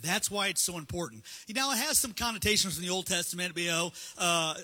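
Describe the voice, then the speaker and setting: Male preacher, high bright husky voice, chatty sermon, reverberant hall. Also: lively intonation, a little fast. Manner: casual, conversational, acts out dialogue. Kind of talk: sermon with slides.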